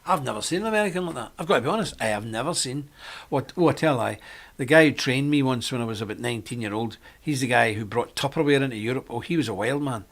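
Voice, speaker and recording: A man's voice: mid-range voice, a bit bright. A middle-aged man hosting a live-stream monologue, talking in a rambling, chatty way with frequent laughs. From Britain. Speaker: host.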